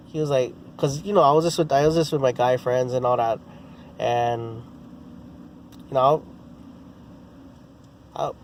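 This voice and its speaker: A man's voice: mid-range voice, creaky, darkish tone. Man, middle voice, casual vlog storytelling, rambling with restarts, faint car hum behind. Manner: rambling, full of restarts and "you know, bro". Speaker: sports vlogger.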